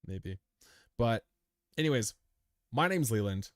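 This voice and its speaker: Mid-range and animated yet slow, this man's voice is recorded as clean studio sound with no echo. He's worn out after a long session hosting a crypto live stream, casually chatting, answering viewer comments in a rambling, chummy, laid-back manner and calling everyone dude.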